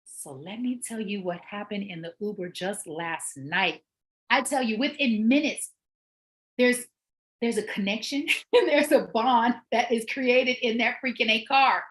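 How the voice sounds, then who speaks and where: Woman, middle-aged, show host, personal trainer, animated storyteller, emphatic repetition, slightly high voice. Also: a little slow. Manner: animated, emphatic storyteller who repeats words for effect. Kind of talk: storytelling monologue.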